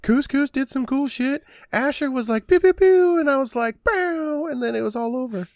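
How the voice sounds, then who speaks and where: A player voicing a loud bragging adventurer. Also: high voice, expressive, moderate pace, no echo, clean studio sound, voice pushed up. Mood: boastful. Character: boastful young male adventurer.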